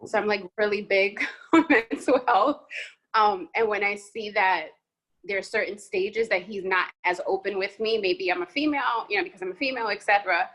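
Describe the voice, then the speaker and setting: A woman's voice: mid-range voice, normal speed, fairly bright tone, rough recording. Here a woman with a mid-range voice takes part in an online parent workshop. She talks about her family openly and easily, with small fillers along the way. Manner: open and talkative, with fillers. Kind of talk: casual sharing on a video call. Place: video call.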